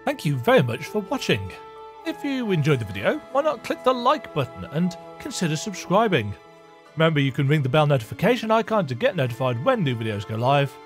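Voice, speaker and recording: A man with a fairly high voice delivers a scripted outro for his channel. His pitch rises and falls in a lively, upbeat lilt. Gentle music plays faintly behind him. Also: a little fast. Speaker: gaming video creator.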